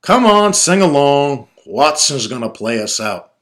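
A man voicing his father, a boisterous, gruff middle-aged dad who talks loud and excited. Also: fairly low pitch, moderate pace. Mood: rowdy.

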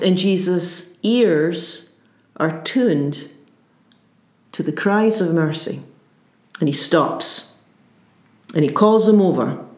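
Woman pastor, sermon, earnest and unhurried, low voice, echoey room. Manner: earnest, searching, restarts phrases.

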